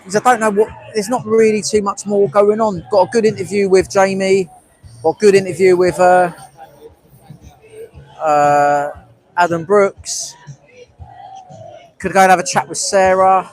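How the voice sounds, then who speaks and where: A man's voice: sits high, flat delivery, unhurried, pauses often, low-quality recording. A man from North London with a London accent, running a live street stream and chatting to his viewers in a blunt, sweary, matey way at an outdoor protest. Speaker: livestreamer.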